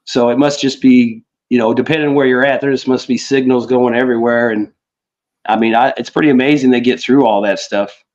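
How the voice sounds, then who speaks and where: On a podcast, a male co-host chats loosely about world politics in a mid-range, steady, slightly mellow voice at a fairly quick clip. He rambles, stacks up filler words, swears casually, and keeps returning to his point. The audio sounds somewhat dull and lo-fi.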